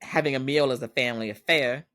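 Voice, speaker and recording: A man's voice: mid-range voice, fairly even intonation, fast talker, pushed and bright, no echo. Chatty male podcast host, dry sound. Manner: chatty, laughs often, acts out quoted lines. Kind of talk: casual drama recap.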